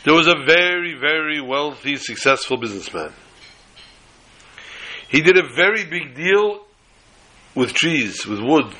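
A man tells a story in a sermon with a bright, forceful voice at a middle pitch. He teaches religion in an animated way and scatters Hebrew and Yiddish terms through the tale. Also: low-quality recording.

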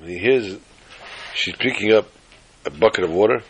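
A man's voice: fairly low pitch, normal speed, slight background noise, rough recording. A man telling a folk tale in a rambling, self-deprecating way, stumbling and repeating words. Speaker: storyteller. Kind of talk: casual spoken storytelling.

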